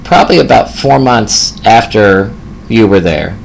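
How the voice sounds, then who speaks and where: A gravelly-voiced man voicing an elderly widow who speaks softly and sincerely. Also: lowish voice, animated, a little slow, slight background noise, low-quality recording. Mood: grateful. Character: elderly widow, gentle and grateful.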